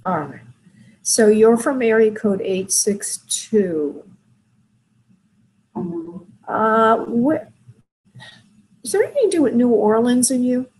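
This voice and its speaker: A woman hosting a call-in show as a spirit medium, talking gently and soothingly to callers, with many fillers. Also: fairly high pitch, expressive, slow pace, long pauses, low-quality recording. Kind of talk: call-in reading, soft and consoling.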